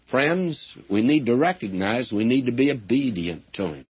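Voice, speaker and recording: A man's voice: medium pitch, expressive, moderate pace, breathy edge. An older man preaching an earnest, folksy sermon to his listeners, calling them friends. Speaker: radio Bible teacher. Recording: dull lo-fi old radio recording.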